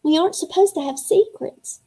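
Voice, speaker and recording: A woman's voice: very high voice, normal speed, mellow, pitched above the performer's own voice. A woman voicing a talkative, anxious young vampire boy at a monster school in a storybook reading. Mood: earnest.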